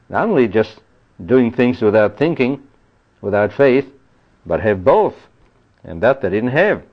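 A man preaching a Bible-study sermon in an earnest, explaining manner, often adding "you see" and "you know.". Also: mid-range voice. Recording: dull lo-fi recording.

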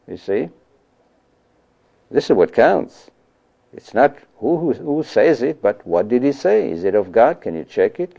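A man's voice: medium pitch, creaky, warm tone, muffled recording. A man preaching a sermon in a loose, conversational way, with many asides and rhetorical questions. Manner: conversational, frequent "you know" and "you see".

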